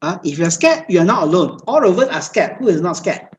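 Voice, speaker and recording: A woman's voice: lowish voice, very animated, a little fast, poor audio. A woman giving a Buddhist dharma talk over a video call, speaking in repetitive, list-like phrases with many hesitant fillers. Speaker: meditation teacher.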